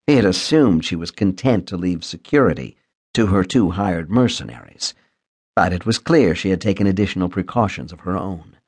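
A man reading a thriller audiobook in a steady, measured storytelling manner. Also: low voice, slightly rough. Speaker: audiobook narrator. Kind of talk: scripted thriller narration.

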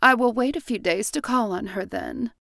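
A woman's voice: fairly high pitch, normal speed, gravelly, fairly bright tone, no room sound, clean studio sound. A woman voicing a fussy, genteel society lady who speaks in an effusive, mannered way. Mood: solicitous.

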